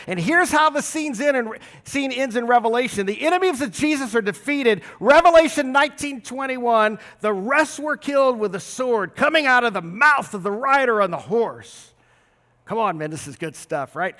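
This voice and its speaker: A man preaching a sermon as pastor, telling stories with big swings between loud and soft. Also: very high voice, fairly quick. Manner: animated storytelling with big swings of loudness. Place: large church hall. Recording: long reverb of a church hall.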